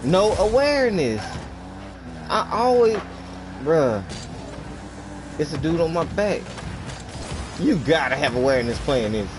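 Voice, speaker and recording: A man's voice: fairly high pitch, sing-song, measured pace, pauses often. A man streaming a game, griping about teammates in casual, joking banter with his younger brother. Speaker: gaming streamer. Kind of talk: casual commentary while playing a game. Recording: game sounds and noise behind.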